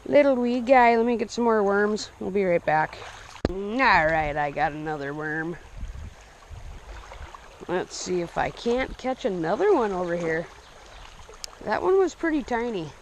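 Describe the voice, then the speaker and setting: A young man narrating his fishing trip casually outdoors, breaking into excited outbursts when he hooks a fish. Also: high voice, a little slow, long pauses, a little hiss or hum. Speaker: fishing vlogger. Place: outdoors by a small stream. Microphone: action camera. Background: running stream water.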